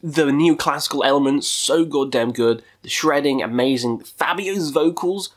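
A man's voice: on the high side, normal speed. A man hosting a casual video countdown, talking in a profane, goofy way with jokey asides. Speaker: metal music YouTuber.

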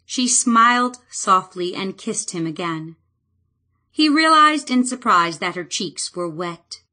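A woman narrating a fantasy audiobook in a calm, measured way. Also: on the high side.

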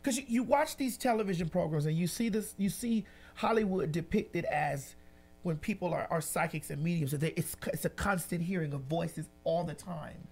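Rich: A woman host with a fairly low voice, asking questions in a relaxed, casual interview. She circles her questions and stumbles over repeated words before getting them out. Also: moderate pace, slightly rough, soft background music. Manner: hesitant, repeats words while framing questions.

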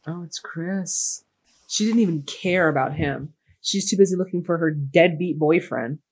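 A woman's voice: on the low side, normal speed, husky. A young woman hosting a movie reaction, chatting casually and exclaiming at the film.

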